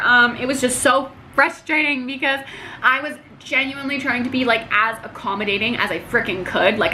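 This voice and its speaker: A woman's voice: high voice, bright, forceful tone, slight background noise. A young woman telling a story about her job to camera in a casual, chatty way, with lots of "like" and acted-out quotes. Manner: chatty, peppered with "like", acts out quotes. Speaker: vlogger telling work stories.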